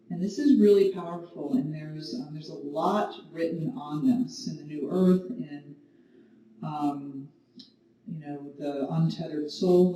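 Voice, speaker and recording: Slow, mellow woman teaching yoga. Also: low-pitched. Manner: calm, gentle spoken cues. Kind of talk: guided yoga class with storytelling. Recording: very echoey room, mic at a distance, faint noise.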